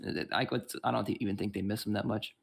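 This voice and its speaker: A man's voice: on the low side, steady tone, quick pace, vocal fry, slightly rough. A man voicing a sardonic young woman, a bookish thief sister, in an offhand, mumbling way in a tabletop game.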